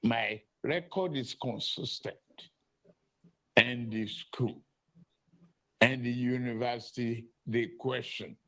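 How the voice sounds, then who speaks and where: A man in his seventies giving a halting public statement, stopping and repeating words as he goes. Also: mid-range voice, fairly bright tone, low-quality recording. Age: 70s. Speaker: politician in an archive clip. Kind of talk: press statement.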